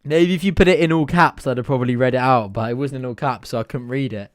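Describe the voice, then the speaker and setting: A man hosting a live football watch-along, mixing casual match commentary with chatty, excitable asides and frequent laughs. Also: mid-range voice, fast talker. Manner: chatty and excitable, laughs often, thanks viewers mid-commentary.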